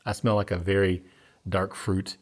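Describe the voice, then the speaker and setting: A man's voice: sits low, level tone, normal speed. A man co-hosting a podcast in a studio, chatting casually and asking curious follow-up questions. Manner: inquisitive, conversational, asks follow-up questions. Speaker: podcast co-host. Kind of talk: casual tasting chat.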